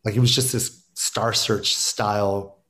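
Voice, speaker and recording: A man's voice: on the low side, fairly even intonation, measured pace, fairly bright tone. A middle-aged man, a stand-up comedian, telling stories in casual podcast talk, acting out quotes and laughing often.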